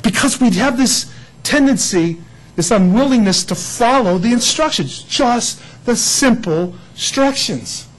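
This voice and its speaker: A man's voice: very high-pitched, lively intonation, unhurried, breathy edge, poor audio. A man preaching a sermon in church, a folksy and joking storyteller. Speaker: pastor.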